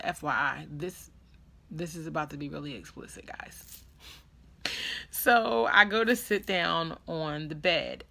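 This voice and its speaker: A young adult woman telling a story in a casual vlog, animated and dramatic as she acts out what people said. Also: sits low. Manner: animated, dramatic retelling with quoted voices. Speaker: vlogger.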